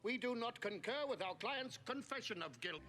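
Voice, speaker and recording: An actor playing a sarcastic human astronaut forced to act as a defense lawyer in a sci-fi series, with music underneath. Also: male voice, very high-pitched, lively intonation, moderate pace, sharp tone, full character voice. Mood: argumentative. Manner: sarcastic, exasperated. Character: wry male human astronaut turned lawyer. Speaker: space traveler acting as defense lawyer.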